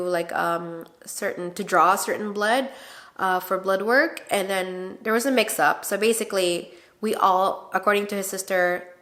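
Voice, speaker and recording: A woman vlogger talking casually to her viewers. She speaks at a mid pitch and keeps up a chatty, animated flow, full of fillers and acted-out quotes. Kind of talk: casual storytelling to camera.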